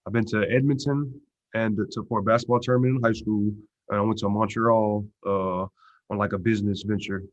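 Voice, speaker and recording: A football player answering press questions in a relaxed, low-key way, with lots of "you know" and "uh" fillers. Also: male voice, brisk. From Texas. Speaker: pro football player at media day. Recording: dull lo-fi stream audio.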